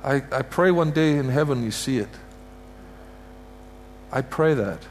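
A Canadian guest preacher delivers a heartfelt sermon in a church sanctuary, driving his points home through emphatic repetition and pronouncing blessings over the congregation. His mid-range voice has lively intonation and moves a little slowly. Slight background noise is present.

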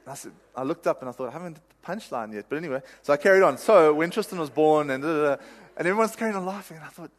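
A man's voice: on the high side, rapid-fire. A male pastor giving a sermon in a conversational, self-deprecating way, laughing at himself now and then. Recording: reverberant hall.

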